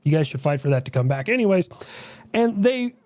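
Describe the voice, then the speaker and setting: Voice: mid-range voice, sing-song, brisk, darkish tone, no echo. A streamer reacting to a video in offhand, sardonic casual chat, swearing now and then.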